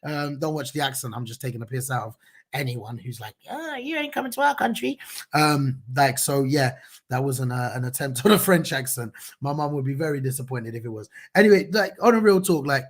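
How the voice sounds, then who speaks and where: A man's voice: mid-range voice, fairly quick. A man hosts a casual news commentary, talking passionately and conversationally with many fillers and restarts. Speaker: news show host.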